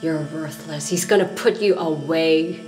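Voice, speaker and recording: An actress playing a soldier fighting PTSD, her voice strained and moving between hushed whispers and sudden outbursts. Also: low-pitched, a little slow, slight background noise, low-quality recording. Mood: self-loathing. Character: soldier woman battling PTSD and inner self-loathing. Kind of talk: film drama acting.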